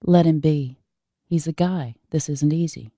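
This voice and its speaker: A woman voicing a calm young woman who speaks quietly and soothingly in an audiobook. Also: sits low, a little slow, no echo, clean studio sound. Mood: gentle.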